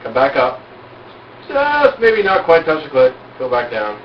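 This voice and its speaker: This mid-range male voice swoops wildly in pitch yet keeps a measured pace as he lectures a small cookout crowd outdoors, confident, blunt and boastful, asking one rhetorical question after another. Captured in a dull, distant, echoey amateur recording with slight background noise.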